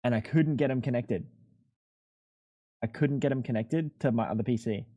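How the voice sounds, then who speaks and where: A man's voice: medium pitch, normal speed, mellow, no room sound. A young man streaming live, chatting casually and rambling, swearing freely as he thanks viewers. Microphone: headset.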